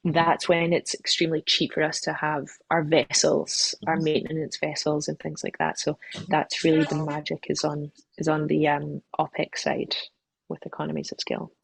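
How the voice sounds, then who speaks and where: Husky woman chatting in an interview. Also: sits low, completely flat delivery, normal speed, no room sound, rough recording. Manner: chatty, self-deprecating, laughs often, restarts sentences. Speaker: company CEO, interview guest. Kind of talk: casual interview answers.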